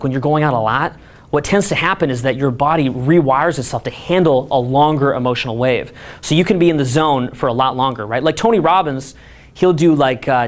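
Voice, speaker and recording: A man giving an energetic, rambling seminar talk full of filler words. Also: mid-range voice. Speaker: seminar coach. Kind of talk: casual live seminar talk.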